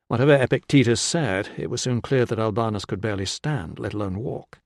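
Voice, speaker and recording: A man narrating a historical crime audiobook in a measured storytelling way. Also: fairly low pitch, no room sound, studio quality. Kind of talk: scripted narration.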